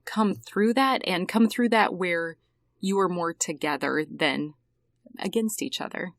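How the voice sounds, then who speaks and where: A woman hosting a podcast asks her guests gentle, measured questions in a lowish voice with a gravelly, creaky edge. The sound is close and dry, with no room echo. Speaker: podcast host. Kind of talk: interview questions.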